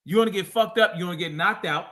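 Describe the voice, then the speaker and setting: A man's voice: high-pitched, fast, pushed and bright. A man hosting a livestream, reacting to a clip with profane, mocking casual commentary. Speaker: livestream host.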